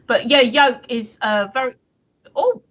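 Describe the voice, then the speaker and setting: A woman's voice: a little high, a little slow, fairly bright tone, dull audio. A woman from the UK co-hosting a live stream, chatting casually and rambling with many restarts. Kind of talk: casual chat reading viewer comments.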